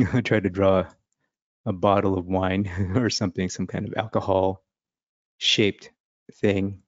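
A man's voice: low voice, fairly even intonation, takes it slowly, no echo, lo-fi sound. A man teaching a casual drawing lesson. He talks and laughs as he thinks aloud while sketching. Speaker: art instructor.

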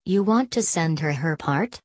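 A woman's voice: lowish voice, expressive, normal speed, no echo, clean studio sound. A woman voicing a cocky, breezy male traveling salesman in a storybook reading.

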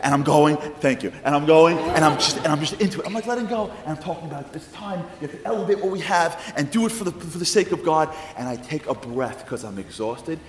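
A man with a New York accent telling a lively comic story in a public lecture. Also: fairly high pitch, quick pace, hardly any pauses, roomy sound, big-room sound, crowd noise. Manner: animated, comic storytelling with acted-out quotes. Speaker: public speaker. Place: large congregation hall with audience.

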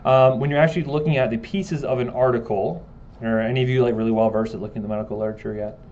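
Man, lecturer, quick casual classroom talk, jokes with students, muffled recording. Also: medium pitch, fairly even intonation, a little mellow, a little hiss or hum. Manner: casual and joking, asks the class questions.

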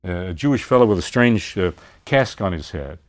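An older man delivers a literature lecture in a low voice. His pitch leaps and dips as he retells scenes, and he leans hard on key words. He sounds like a seasoned professor telling a story to a class. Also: brisk. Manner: animated storytelling, pitch rising on emphasis. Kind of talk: university lecture.

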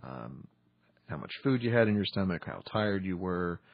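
A man teaching meditation on a podcast in a measured way, pausing often with ums. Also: deep voice, animated, no room sound, muffled recording. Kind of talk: instructional podcast talk.

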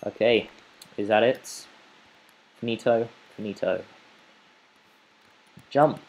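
A man's voice: lowish voice, steady tone, a little slow, long pauses, darkish tone, rough recording. A man giving playful, rambling let's play commentary as a gaming channel host, chatting to the animals in his game.

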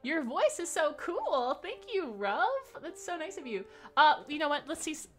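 A woman's voice: high-pitched, sing-song, normal speed. A woman game streamer chatting casually with her viewers, upbeat and giggly, rattling off names from the chat.

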